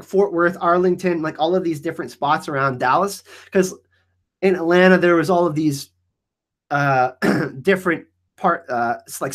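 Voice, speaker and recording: A man hosting a casual live Q&A stream, reading the chat; excitable, laughing often and saying "like" a lot. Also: fairly high pitch. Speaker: livestream host answering chat.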